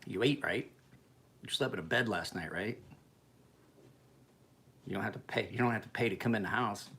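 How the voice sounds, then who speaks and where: A man's voice: lowish voice, normal speed, a bit bright. A man voicing his blunt, no-nonsense old grandfather in a casual vlog. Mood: lecturing. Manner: blunt, matter-of-fact.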